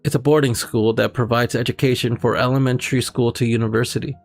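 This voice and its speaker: Gravelly man reading a visual novel aloud. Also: mid-range voice, little pitch movement, fast, faint music behind. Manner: breaks off to check his stream settings. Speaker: streamer.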